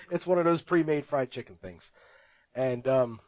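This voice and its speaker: Sharing a story on a podcast he co-hosts, this man gets animated, laughing frequently while imitating the people involved. His mid-range voice runs a bit slow, and the recording sounds muffled.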